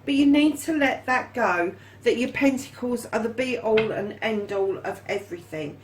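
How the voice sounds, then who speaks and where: A woman's voice: a little high, moderate pace, slight background noise, rough recording. Chatty woman reading tarot. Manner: chatty, addresses viewers as darlings and lovelies; swears casually. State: hot and yawning. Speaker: tarot reader. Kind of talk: casual tarot reading to camera.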